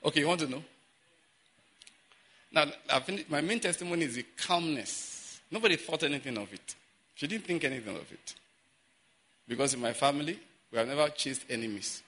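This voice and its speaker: A man preaching to his congregation, breaking into an animated personal story and asking the listeners rhetorical questions. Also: a little high, brisk, long pauses. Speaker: pastor.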